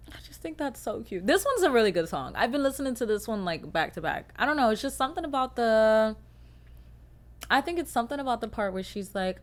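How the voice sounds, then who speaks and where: A young woman hosting a casual solo podcast, swearing freely and swinging from loud rants to quiet mumbles. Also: fairly low pitch, lively intonation, moderate pace. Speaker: podcast host.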